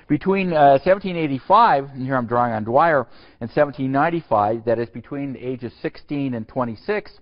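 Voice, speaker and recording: Halting man lecturing, dull lo-fi sound. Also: medium pitch. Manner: halting and digressive, heavy with fillers and restarts. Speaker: university history lecturer. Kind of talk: classroom lecture. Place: lecture hall.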